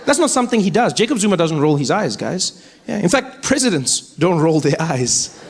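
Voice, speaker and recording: A young man with a South African accent doing stand-up comedy, animated and incredulous. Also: high voice, moderate pace, breathy edge.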